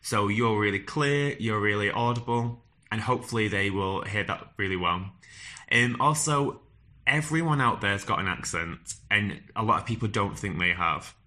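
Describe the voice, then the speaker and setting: Northern English man, lowish voice with a bright, forceful edge, earnest and direct advice delivery. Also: normal speed. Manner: earnest, direct, fillers and restarts. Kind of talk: advice talk to camera.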